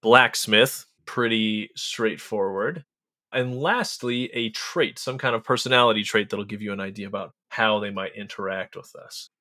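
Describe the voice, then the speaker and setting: Upbeat podcast host with a bright voice. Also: male voice, on the low side, normal speed. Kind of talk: casual podcast chat.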